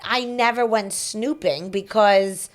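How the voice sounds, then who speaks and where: A woman's voice: mid-range voice, slow. A woman podcast host in casual chat, telling a story with lots of back-and-forth and quoted messages.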